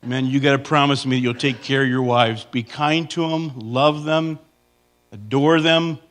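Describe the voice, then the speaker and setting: A man in his fifties telling comic stories to a church congregation, acting out loud impressions of himself and his wife. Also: mid-range voice, steady tone, normal speed. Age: 50s. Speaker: comedian speaking at church. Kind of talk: comedic storytelling to a congregation. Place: church sanctuary.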